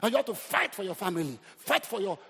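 Speaking fast in a high, slightly rough voice, a middle-aged Nigerian man preaches as pastor. His sermon is humorous and animated as he exhorts the crowd, and the recording echoes through a reverberant hall.

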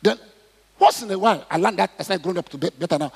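A middle-aged man preaching a sermon, acting out prayers and Bible stories and rising to shouts. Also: sits high, racing, vocal fry, slightly rough. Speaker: pastor. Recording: long hall reverb.

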